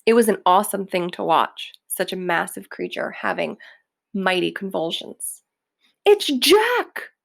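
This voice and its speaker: A woman reading a children's book aloud slowly and deliberately. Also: on the low side, fairly even intonation, vocal fry. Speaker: reader.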